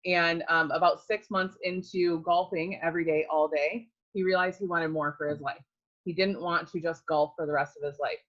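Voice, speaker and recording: An earnest woman with a lowish voice tells her own story in a heartfelt way and often stops to search for words. The recording sounds slightly muffled and lo-fi. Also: fairly bright tone. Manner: earnest, with frequent um fillers. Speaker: network marketing distributor. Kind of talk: personal testimonial.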